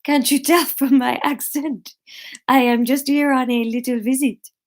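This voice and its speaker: A woman voicing a kind, plump French woman in her fifties, with a put-on French accent and a gentle, chatty manner. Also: sits high, steady tone, measured pace, pitched above the performer's own voice. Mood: friendly.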